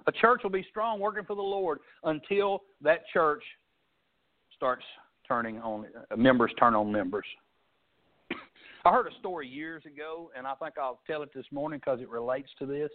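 A male pastor delivers a sermon in a folksy storytelling manner, his voice sitting a bit high. He swings between loud emphasis and soft asides. The sound is thin and tinny, like a phone line. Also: normal speed.

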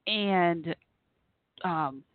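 A woman hosting a call-in talk show, speaking haltingly through tears with many fillers and restarts. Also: lowish voice, smooth, dry recording. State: near tears. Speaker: host. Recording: tinny phone-line audio.

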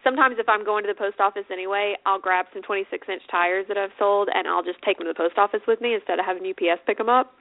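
A woman's voice: mid-range voice, fast, hardly any pauses. A woman co-hosting a motorcycle radio show, chatting casually and laughing often. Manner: giggly and chatty. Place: Sarasota. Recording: phone-like narrow band, dry.

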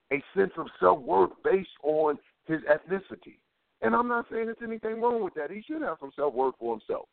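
Over a tinny phone line, a man with a somewhat high voice gives passionate talk-radio commentary. His delivery is preacher-like and full of repetition, and the recording is dry.

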